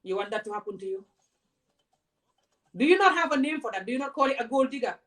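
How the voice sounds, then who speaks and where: A woman's voice: a little high, expressive, fast talker, a bit bright. Fiery woman. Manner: passionate, confrontational, many rhetorical questions. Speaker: vlogger. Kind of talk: direct-to-camera rant.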